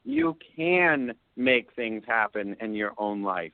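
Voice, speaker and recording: A man's voice: lowish voice, huge pitch swings, no echo. A man hosting a call-in radio show, giving soothing psychic readings and often checking in with "okay?". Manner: soothing, drawn-out pronouncements with frequent "okay?". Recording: dry phone-line sound.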